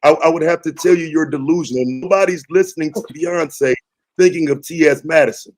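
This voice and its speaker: A man hosting a heated debate, confrontational and quick to interrupt. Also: on the high side. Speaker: host.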